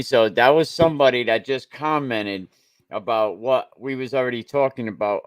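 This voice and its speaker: A man talks high school sports in a blunt, opinionated way, circling back over his points. His voice sits at an everyday pitch. The sound is dry and close, with no room around it. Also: no room sound. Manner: blunt, opinionated, repeats himself. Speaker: show host. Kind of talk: casual sports talk.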